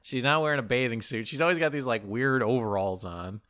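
A man co-hosting a casual comedy podcast, recapping a film with animated storytelling and joking asides. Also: mid-range voice, fairly quick.

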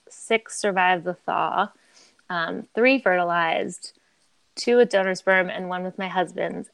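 A woman's voice: medium pitch, vocal fry, fairly bright tone, no echo. A woman in her thirties, a podcast guest telling her story in a candid, chatty way, filling her talk with "like" and laughing often.

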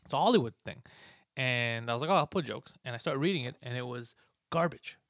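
Fast-talking comedian telling stories. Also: male voice, mid-range voice, no echo, clean studio sound. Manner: animated storyteller, swears often, laughs mid-sentence. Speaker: comedian guest. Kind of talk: casual podcast chat.

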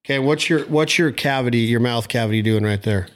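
A man's voice: medium pitch, a little fast. A man hosting a podcast, giving short cues and eager questions to his guest. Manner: prompting and short commands, enthusiastic. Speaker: podcast host. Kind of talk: casual podcast interview.

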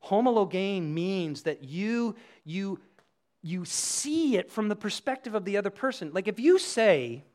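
A middle-aged man preaching a sermon as pastor, talking conversationally and sometimes dropping to a hushed, quiet voice. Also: sits high, big pitch swings, measured pace.

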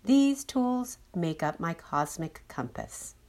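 Slow, soothing woman healer. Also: lowish voice, big pitch swings, a little mellow. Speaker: inner beauty healer. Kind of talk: guided meditation talk.

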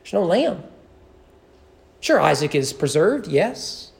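A man's voice: on the high side, big pitch swings, takes it slowly, vocal fry. A male pastor delivers a Sunday sermon from a church sanctuary. He speaks with earnest emphasis, stacking repeated phrases. He slips in the occasional dry joke.

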